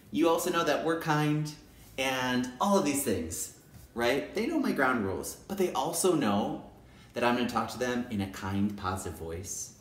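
A male kindergarten teacher talking straight to camera in a casual, animated way, repeating his points for emphasis. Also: medium pitch. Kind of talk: casual direct-to-camera talk. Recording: roomy echo.

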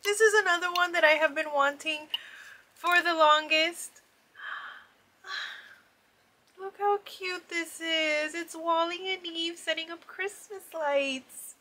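A woman casually unboxing gifts in a vlog, gushing and excitable, with frequent gasps of delight. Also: very high voice, slow pace, long pauses. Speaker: vlogger opening a gift box. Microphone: ring light setup, camera on a desk.

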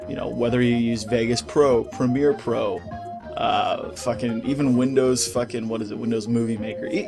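A man ranting in a casual vlog on a studio mic with a pop filter, heated, profane and rambling. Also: mid-range voice. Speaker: gaming YouTuber. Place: home recording setup.

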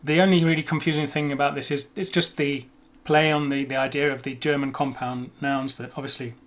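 A young man with a somewhat high voice talks through pronunciation in a relaxed, self-mocking way. He slows down to carefully sound out the tricky words before chatting on. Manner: chatty, self-deprecating, demonstrates words slowly. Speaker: language video host. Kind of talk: casual explanatory talk on pronunciation.

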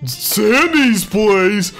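A fan voice actor playing a dopey, cheerful cartoon starfish in a game role-play. He talks slowly and a little goofily at a middling pitch. Faint music plays underneath. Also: full character voice. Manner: slow, slightly goofy delivery. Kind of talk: Minecraft role-play voice acting.

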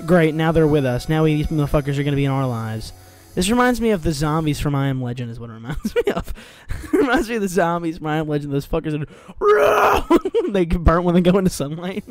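A young man with a slightly high, very lively voice, joking and swearing as he reacts to music videos. His talk is loose and rambling, full of fillers and sudden jumps in energy. Faint music sits underneath. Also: quick pace, hardly any pauses. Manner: rambling, profane, jokey, animated. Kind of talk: casual reaction chat.

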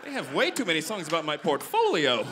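A man doing a stand-up comedy set on a club stage, animated, swinging from loud punchlines to low asides. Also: fast talker, crowd noise, noisy background.

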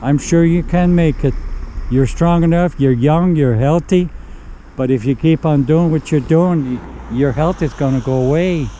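A man's voice: on the high side, moderate pace, dark tone, slight background noise, low-quality recording. A middle-aged man preaching on the street outdoors, earnestly pleading with a listener. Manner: earnest, pleading, keeps urging. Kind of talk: one-on-one street evangelism. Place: outdoors in a city park in winter.

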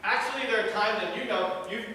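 A man's voice: high voice, brisk, pushed and bright. A man preaching a sermon as pastor of a church, earnest and repetitive in his cadence. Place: church sanctuary. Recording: echoey church hall from far off.

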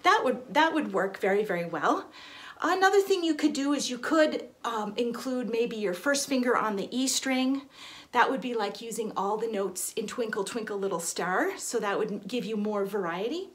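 Encouraging woman violin teacher, slightly high. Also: expressive, normal speed. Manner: gentle, encouraging, with small restarts. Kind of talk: friendly instructional explanation. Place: recording studio.

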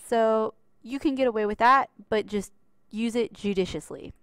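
A woman's voice: fairly high pitch, normal speed, clear, resonant tone, dry recording. A woman teaching a writing lesson, patient and explanatory, stressing the key rules as she walks through examples. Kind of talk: classroom writing lesson over slides.

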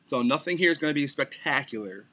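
Young man, bright tone, rambling casual tutorial, stumbles on words. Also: medium pitch, lively intonation, fast talker. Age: young adult. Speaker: beatbox tutorial maker.

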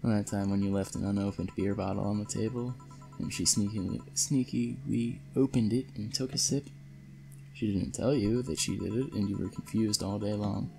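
A man's voice: lowish voice, fairly even intonation, moderate pace, creaky, dark tone, faint music behind. A man reading as a blunt woman bar boss. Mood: amused.

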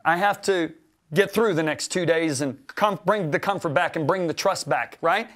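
A middle-aged man teaching a sermon, who swings from loud emphatic preaching to soft, quiet confession and acts out his own quoted words. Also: on the high side, moderate pace.

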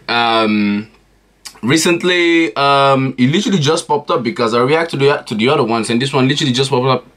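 A young man talking to his viewers at the start of a reaction video, loose and rambling, with constant filler asides. His voice sits at an ordinary male pitch and he speaks in easy, unscripted chat. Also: fairly bright tone. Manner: rambling, keeps saying "you know what I'm saying". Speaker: reaction channel host. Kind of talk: casual vlog chat.

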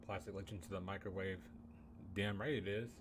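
A man's voice: low voice, steady tone, fairly quick, background noise. A young man ranting casually on a game live stream, incredulous and profane, calling everyone "bro".

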